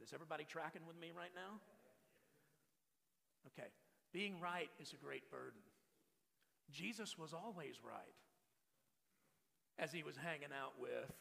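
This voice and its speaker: A man's voice: on the high side, vocal fry, bright, forceful tone. A man in his forties preaching a sermon as pastor, emphatic and full of rhetorical questions to the congregation. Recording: long reverb of a large hall.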